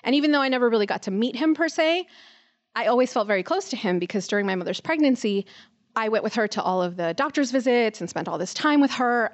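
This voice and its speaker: A woman's voice: a little high, highs cut off. A young adult woman telling an earnest, conversational personal story at a live storytelling event.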